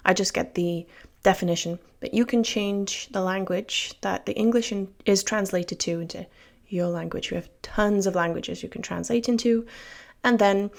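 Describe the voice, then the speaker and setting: Welsh woman teaching, gravelly edge. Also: mid-range voice. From Wales. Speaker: English teacher. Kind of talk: scripted lesson to camera.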